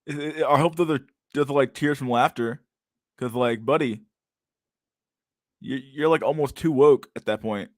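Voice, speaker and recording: A man's voice: medium pitch, measured pace, long pauses, no echo, studio quality. A young man reacting to videos in casual, profane commentary, incredulous and sarcastic, who keeps calling people dude. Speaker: stream host reacting to videos.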